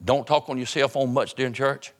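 A pastor delivering a sermon in a plain, mid-pitched male voice. He talks to his congregation in a conversational way, repeats phrases and sinks low and quiet to stress a point. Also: steady tone, a little fast.

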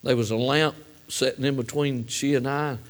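A man's voice: medium pitch, steady tone, moderate pace. A middle-aged man preaching a sermon, telling a personal story in a folksy way that builds to fervent emphasis.

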